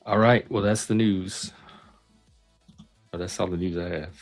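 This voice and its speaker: A man casually reacting to news items on a live stream, musing out loud as he goes. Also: low-pitched, steady tone, a little slow, soft background music. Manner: musing aloud, thinking out loud.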